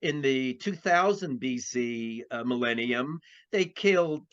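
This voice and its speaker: A man with a mid-range, somewhat bright voice speaks slowly and expressively as an astrologer guest in a conversational interview. He rambles, often restarting his sentences and leaning on fillers. The recording has a dull, lo-fi quality.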